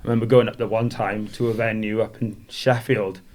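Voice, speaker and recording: Fairly quick and darkish in tone, his lowish voice barely moves in pitch. The speaker is a former boxer from Wales who laughs through rambling tales during a relaxed podcast interview.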